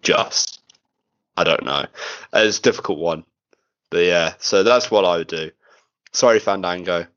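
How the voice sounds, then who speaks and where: A man's voice: low voice, measured pace, pauses often, a bit bright, no room sound. A man hosting a casual, joking podcast chat with friends. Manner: laid-back, jokey, swears. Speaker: podcast host. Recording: dull lo-fi recording.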